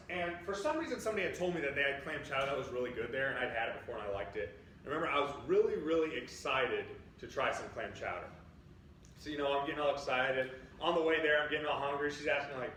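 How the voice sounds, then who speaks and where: A man's voice: a little high, fairly bright tone, a little hiss or hum. A young man in his twenties preaching a sermon in a casual, storytelling way, upbeat and chatty with lots of "like" fillers. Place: church sanctuary. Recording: echoey church from a distant mic.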